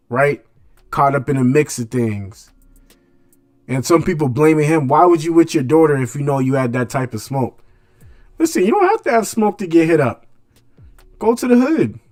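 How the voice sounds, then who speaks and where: A man's voice: a little high, no echo, clean studio sound. A man hosting a radio show, delivering a blunt casual monologue in street slang full of rhetorical questions.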